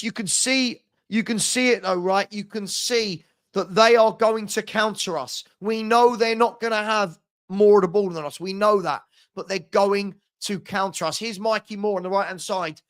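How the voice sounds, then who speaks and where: Guy doing fan commentary on a live stream, pretty high voice, gets fed up with his team. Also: fairly even intonation, moderate pace, a bit bright. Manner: partisan, exasperated running commentary, chatting with viewers. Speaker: watchalong host.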